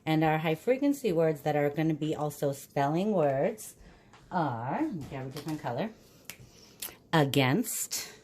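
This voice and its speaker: Teacher for young kids: low, warm woman who sounds out each word patiently. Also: lively intonation, a little hiss or hum. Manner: patient, sounds words out slowly. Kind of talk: recorded phonics lesson for young children.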